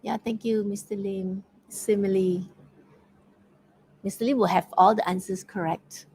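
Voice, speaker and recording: Malaysian lady teacher on a video call, slow and a bit gravelly, lots of uh's, cheering people on. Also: medium pitch, steady tone, darkish tone, slight background noise, low-quality recording. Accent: Malaysian English. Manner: encouraging, praises answers by name; filler-heavy, hesitant restarts. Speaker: teacher running a poetry quiz. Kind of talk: interactive online workshop talk.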